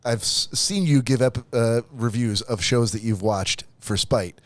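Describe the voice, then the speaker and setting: A man's voice: mid-range voice, measured pace, no room sound. A man co-hosting a podcast, chatting casually with a wry, teasing manner. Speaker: podcast co-host. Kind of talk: casual chat.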